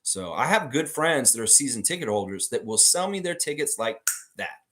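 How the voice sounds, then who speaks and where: A man hosts a live fan stream and chats loosely through viewer comments. His voice is middle-pitched, but he swings it way up when he mocks people. He talks in an animated, loose way and swears a lot. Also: moderate pace, slight background noise. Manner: animated, swings high when mocking others, swears freely.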